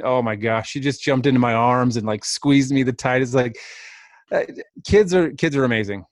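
A man's voice: medium pitch, normal speed, no room sound, studio quality. A man in his thirties casually telling a rambling, self-deprecating story as a podcast co-host.

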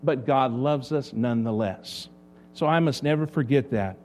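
A man's voice: mid-range voice, normal speed, darkish tone. A man preaching a sermon as pastor, asking the congregation rhetorical questions.

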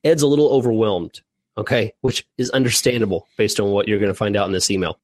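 A man's voice: on the low side, fairly even intonation, quick pace, darkish tone. A man from Texas co-hosting a casual Q&A podcast, reading a listener email aloud with joking asides. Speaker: podcast co-host.

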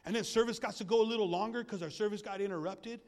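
A male pastor preaching a sermon in a church, animated and jokey, asking the congregation questions. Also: high-pitched, fast, creaky.

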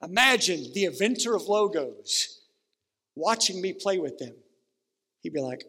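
Male pastor, high-pitched, earnest sermon delivery with drawn-out emphasis, long hall reverb. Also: lively intonation, sharp tone, slightly rough. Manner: earnest preaching with slowed, stretched emphasis.

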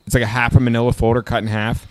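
A man in casual conversation, spinning an animated story at a mid-range pitch. He leans on "like" and "dude" and breaks into laughter often, with a loose, conversational delivery. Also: very fast. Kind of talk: casual chat.

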